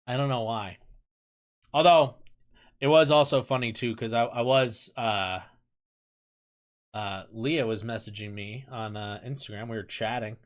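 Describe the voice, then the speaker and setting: A man's voice: mid-range voice, a little slow, long pauses. A young man chatting loosely with his stream viewers from his computer at home. He rambles, laughs often and answers chat messages as they come in. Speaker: livestream host.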